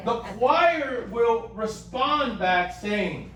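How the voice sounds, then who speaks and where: Giving rehearsal instructions to a choir, a woman explains the parts patiently, moving between English and Spanish. Her fairly high voice takes things slowly. The room echoes, the mic is distant, and people chat in the background.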